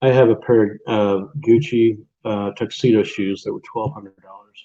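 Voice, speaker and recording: A man's voice: fairly low pitch, steady tone, normal speed, dark tone. A man co-hosting a casual late-night chat show, rambling and laughing often. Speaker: podcast co-host. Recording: lo-fi dull sound.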